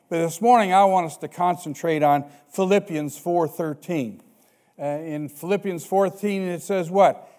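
Preacher guy, high voice, punchy, drags out the bible verses. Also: darkish tone. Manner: emphatic, rising and dropping volume, dramatic slow quoting of verses. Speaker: pastor. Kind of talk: sermon.

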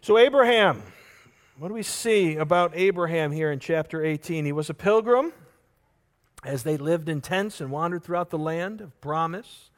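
A man preaching a sermon, telling a parable with lively acted-out voices and earnestly urging his listeners with repeated questions. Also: fairly high pitch, normal speed. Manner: animated storytelling, acting out characters in the parable.

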